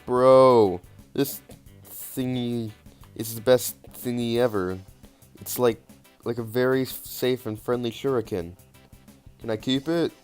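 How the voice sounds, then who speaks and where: A man voicing a dim, excitable young male werewolf jock in a video game, talking in a goofy, eager, bro-ish way. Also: medium pitch, unhurried, pauses often, clear, resonant tone, faint music behind, lightly acted. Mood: excited.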